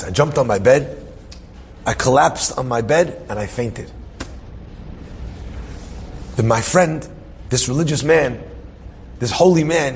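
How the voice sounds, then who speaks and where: A man's voice: mid-range voice, vocal fry, slight background noise. A man telling a dramatic story as a sermon, emotional and full of restarts and repeated phrases. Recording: reverberant hall with faint ambience.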